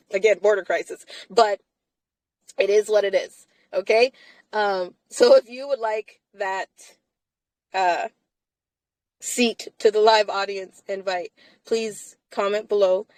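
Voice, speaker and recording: A woman's voice: mid-range voice, steady tone, slow pace, pauses often, a little mellow, dry recording, rough recording. A woman hosting a casual live chat from inside a car, talking emphatically and laughing often between phrases.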